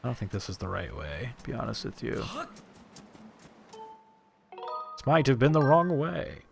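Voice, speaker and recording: A man's voice: mid-range voice, big pitch swings, measured pace, gravelly, soft background music. A man streaming live gameplay, joking, swearing and rambling in asides.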